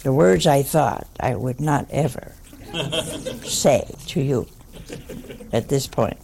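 A woman's voice: extremely low pitch, slow, vocal fry, a little mellow, a little hiss or hum. An older woman, a nun, telling a wry anecdote to an audience. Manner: wry, anecdotal, with dry asides. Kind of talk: storytelling talk to an audience.

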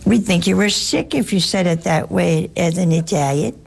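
A woman's voice: lowish voice, normal speed, creaky, darkish tone, husky. An older American woman giving a conversational talk as a religious sister, telling humorous stories and acting out the dialogue. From United States. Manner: humorous storyteller who acts out dialogue.

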